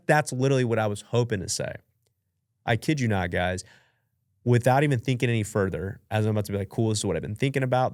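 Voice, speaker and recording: Young guy podcasting, kinda low voice, chatty and goofy, dry studio mic. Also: clear, resonant tone, dry recording. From United States. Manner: animated, chatty, self-mocking, acts out his own reactions. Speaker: podcast host. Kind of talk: casual storytelling and Q&A. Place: professional studio.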